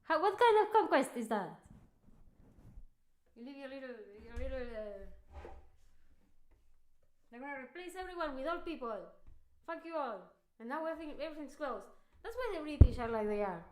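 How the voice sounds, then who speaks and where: Slightly high-voiced woman musician rambling on a stream, jokey rants, echoey room. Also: expressive, fairly quick, long pauses, mellow, a little hiss or hum. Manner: rambling, joking rants with laughs. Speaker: livestreaming musician. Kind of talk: casual livestream chat between practice. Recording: roomy echo.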